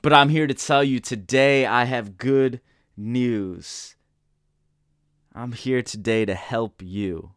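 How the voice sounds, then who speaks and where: A man's voice: medium pitch, slow, a bit bright, clear, resonant tone, dry recording, studio quality. A man giving an earnest motivational talk in a storytelling manner. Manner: earnest, storytelling, acts out quoted voices. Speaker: motivational speaker.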